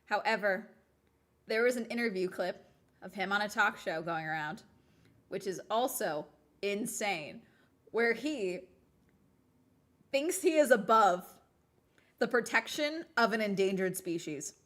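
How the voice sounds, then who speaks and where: A woman's voice: mid-range voice, animated, a little slow, long pauses, fairly bright tone. Rambling sarcastic woman streamer. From United States. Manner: rambling, sarcastic, talks to chat. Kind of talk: casual livestream chat.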